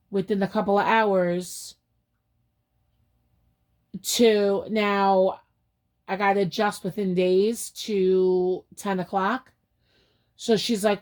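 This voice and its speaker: A woman's voice: mid-range voice, fairly even intonation, slow pace, pauses often, darkish tone. Anxious woman giving a vlog update. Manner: anxious, retelling conversations in a rush. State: overwhelmed. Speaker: vlogger. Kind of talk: emotional personal update.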